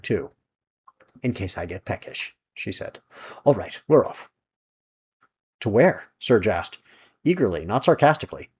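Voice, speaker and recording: A man reading aloud from his own serial novel with lively, expressive narration. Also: medium pitch. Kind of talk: storytelling narration.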